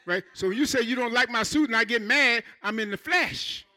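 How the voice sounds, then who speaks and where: Male pastor, high voice, very bright tone; lively sermon delivery with playful asides. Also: a little fast. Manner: animated preaching with playful asides and acted quotes. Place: church.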